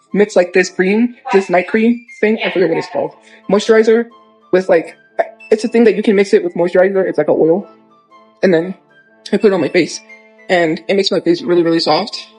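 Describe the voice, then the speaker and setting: A young man with a high voice talks quickly and casually into his phone on a livestream. He rambles and gets defensive as he answers viewer comments, with faint music behind him. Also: steady tone, darkish tone, low-quality recording.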